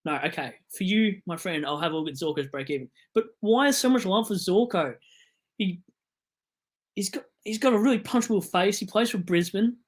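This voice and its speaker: A young Australian man hosting a casual live stream, excitable and digressive, jumping from loud outbursts to mumbled asides. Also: sits high, fairly quick.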